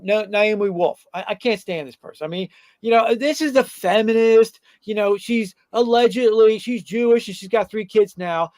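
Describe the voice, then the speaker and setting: High-voiced combative talk host, dry mic. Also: male voice, dry recording. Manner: rambling, combative, many fillers and restarts. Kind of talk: political talk commentary.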